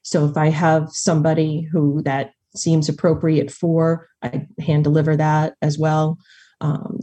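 A woman guest on a podcast speaks in a heartfelt, animated way. Her voice is husky and lower than most. The tone stays mellow and dark. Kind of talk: conversational interview.

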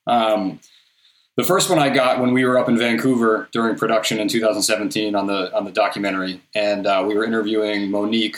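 Man, low voice, rambling casual storyteller, roomy echoey recording. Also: fairly bright tone. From southeastern Massachusetts. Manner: rambling, many restarts and fillers. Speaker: guest, documentary filmmaker and collector. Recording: roomy echo.

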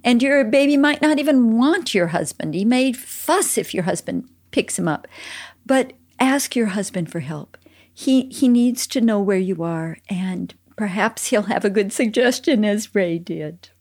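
Older woman, Christian parenting chat, gentle earnest storyteller, mid-pitched. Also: animated, a little slow. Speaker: podcast co-host, mother.

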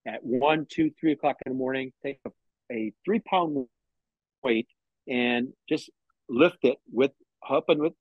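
A man's voice: mid-range voice, no echo. Middle-aged guy telling his story, acts out what people said to him, kinda dull dead recording. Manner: storytelling, quoting others, frequent restarts. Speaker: interview guest. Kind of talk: personal story in an interview.

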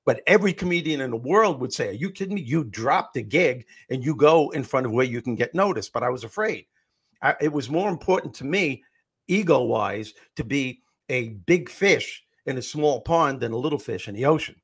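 Husky middle-aged man telling stories. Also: mid-range voice, moderate pace. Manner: animated storyteller, acts out quotes. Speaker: comedian and motivational speaker guest. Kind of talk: storytelling interview answer.

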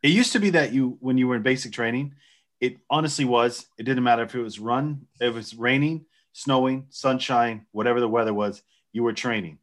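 A man's voice: medium pitch, fairly quick. A man in his forties, an army veteran co-hosting a podcast, making emphatic profane points in casual chat.

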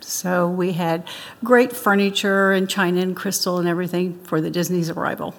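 A woman's voice: lowish voice, fairly even intonation, moderate pace, in a large hall. An older woman being interviewed, telling childhood stories in a chatty way and laughing often. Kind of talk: interview storytelling.

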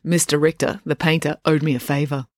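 Brief: narrator playing a smug precocious schoolgirl, calm and sly, storybook read. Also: medium pitch, brisk, no room sound, clean studio sound, close to an everyday voice. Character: cool scheming precocious schoolgirl. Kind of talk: audiobook character voice.

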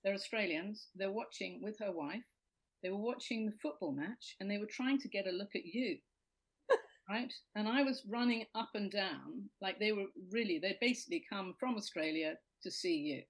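English woman comic guesting on a talk show, dry self-mocking delivery, middle pitch. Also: moderate pace, poor audio. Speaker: comedian guest. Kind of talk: casual radio chat.

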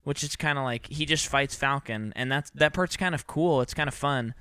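A man's voice: medium pitch, moderate pace, sharp tone, smooth, no echo, studio quality. A man co-hosting a casual movie podcast. He talks animatedly and acts out scenes with silly voices and sound effects. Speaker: podcast co-host.

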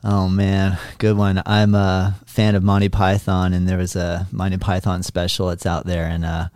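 A man in casual conversation, speaking reflectively with halting restarts and some laughter. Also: low voice, monotone, darkish tone, smooth, dry recording, studio quality.

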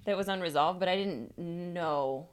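Woman, lowish voice, casual storytelling, chatty, lots of "like", podcast guest. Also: unhurried.

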